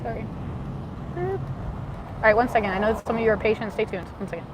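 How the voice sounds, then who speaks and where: A woman's voice: a little high, big pitch swings, a little fast. Impassioned woman ranting from a noisy car. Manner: impassioned, swinging from shouting to muttering. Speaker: livestreaming vlogger. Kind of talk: rambling livestream rant while driving. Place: in a car in city traffic. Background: road and traffic noise.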